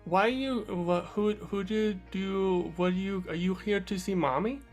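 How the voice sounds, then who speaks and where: A man voicing a playful little girl who asks excited, childlike questions. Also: high-pitched, unhurried, faint music behind, voice pushed up. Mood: curious.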